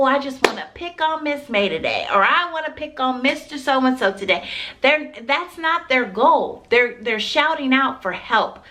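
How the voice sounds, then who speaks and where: A woman's voice: a little high, pushed and bright. A woman teacher in her thirties giving earnest classroom advice, emphatic and repeating phrases for stress. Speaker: teacher vlogger.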